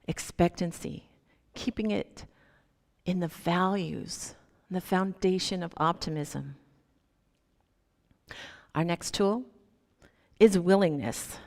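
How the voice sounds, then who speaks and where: A woman's voice: on the low side, slow, vocal fry, pauses often. A woman minister giving a sermon, telling stories animatedly and acting out the voices in them. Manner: animated, acts out quoted voices in her stories. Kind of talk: sermon with storytelling. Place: church sanctuary. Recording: long hall reverb.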